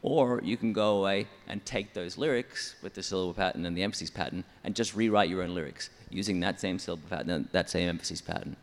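A man's voice: sits low, quick pace, hardly any pauses, long reverb tail. A man who writes songs for church, explaining his method step by step in an interview. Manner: methodical, explanatory, counts syllables aloud. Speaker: church songwriter.

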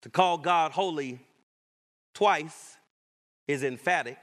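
A man preaching a sermon as pastor, with emphatic, rising declarations and deliberate repetition. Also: fairly high pitch, a bit bright.

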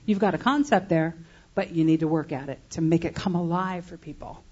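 A woman's voice: on the low side, a little fast, mellow, breathy edge, lo-fi sound. A woman co-teaching a songwriting workshop, adding practical advice to the main teacher.

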